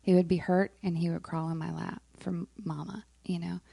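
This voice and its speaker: A woman with a warm, gravelly voice talks softly through a personal faith story, pausing on frequent ums. Her voice is close and dry, with no room sound around it. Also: lowish voice, flat delivery, no room sound. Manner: soft-spoken, frequent ums, emotional. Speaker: worship leader on a moms' panel. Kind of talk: casual heartfelt testimony.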